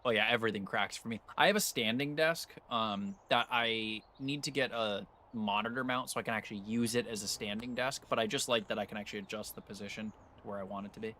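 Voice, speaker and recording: Ranting man, bright voice. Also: fairly low pitch, fast, few pauses, slight background noise. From United States. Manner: ranting, profane, gets worked up. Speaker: streamer. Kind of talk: casual live-stream chat while gaming.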